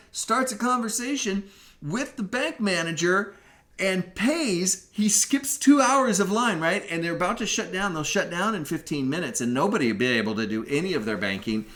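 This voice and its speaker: A man hosting a podcast, telling a story in a casual, animated way with frequent laughter. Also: sits high. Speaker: podcast host.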